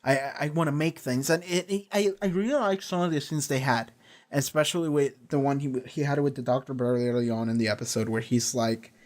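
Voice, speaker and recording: A man's voice: medium pitch, brisk. A man hosting a reaction channel, talking through a TV episode in a loose, rambling way with many restarts, casual swearing and paraphrased character lines.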